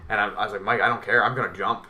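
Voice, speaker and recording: A man's voice: on the low side, fairly even intonation, racing, sharp tone. A young man casually telling a dramatic story on a podcast, swearing a lot. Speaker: podcast co-host. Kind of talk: casual storytelling over beers.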